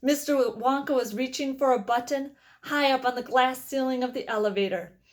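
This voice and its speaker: A woman reading a children's novel aloud with expressive storytelling. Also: sits high, moderate pace. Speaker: reader.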